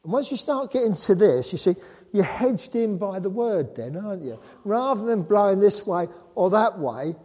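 A man preaching a sermon, animated and joking with the congregation. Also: high-pitched, moderate pace. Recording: long reverb of a large hall.

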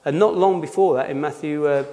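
A man giving an informal sermon, halting, with many fillers and restarts. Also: fairly high pitch, dark tone. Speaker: preacher. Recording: long reverb of a hall.

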